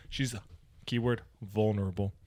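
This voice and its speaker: Young male podcast co-host, lower pitch, loose rambling delivery full of fillers. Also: steady tone, moderate pace, darkish tone. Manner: rambling, lots of fillers, acts out quotes in a mock girly voice. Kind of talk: casual chat.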